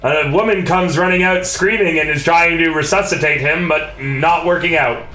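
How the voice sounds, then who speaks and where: A man narrating as game master of a tabletop game, with animated, playful rules calls. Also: fairly high pitch, normal speed, roomy sound, faint music behind, rough recording.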